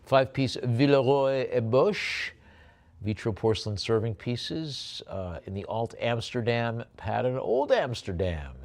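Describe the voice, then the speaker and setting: A male auctioneer calling bids at a live auction, moving between brisk bid calls and rambling, halting asides about the items. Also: mid-range voice, sing-song, darkish tone.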